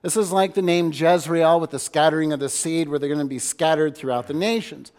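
Brief: earnest male pastor giving a sermon, fairly high voice, reverberant church hall. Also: brisk. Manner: earnest, repeats words as he restarts, shifts loudness for emphasis.

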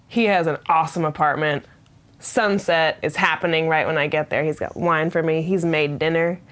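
A woman's voice: deep voice, a bit bright. A young adult woman telling a personal story in a candid, rambling way, with frequent laughs, swearing and lots of filler words.

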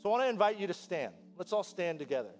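A man preaching a sermon as pastor, telling a story with lively, animated delivery and acting out voices. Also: sits high, fast talker, faint music behind.

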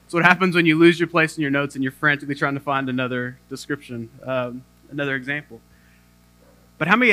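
A man's voice: mid-range voice, sharp tone. A young adult male pastor giving a sermon, telling a self-deprecating story with humor.

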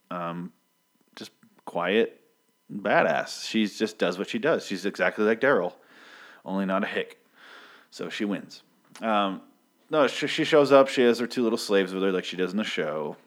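A man's voice: on the low side, moderate pace. A man casually recapping a comic book issue, rambling and profane, with many filler ums and restarts.

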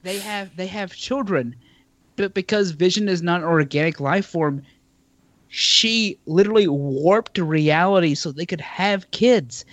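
A man's voice: high voice, unhurried, fairly bright tone, no echo. A man co-hosting a casual podcast chat, a bit tipsy, rambling and stammering through repeated words. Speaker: podcast co-host.

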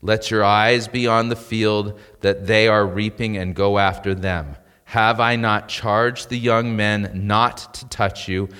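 A man with a somewhat low voice preaches a sermon, moving between scripture reading and lively asides and rhetorical questions to the congregation. His voice carries a long reverb from a church hall. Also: slow pace, hardly any pauses, clean tone. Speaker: pastor.

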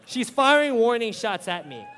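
A man preaching a sermon as a pastor, animated and conversational, often checking in with his listeners. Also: very high-pitched, normal speed, big-room sound, a little hiss or hum.

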